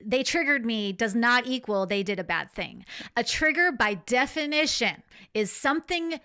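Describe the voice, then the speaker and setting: A woman psychotherapist guest, explaining ideas emphatically and defining terms clearly. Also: on the high side, expressive, moderate pace, pushed and bright. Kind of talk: explanatory conversation.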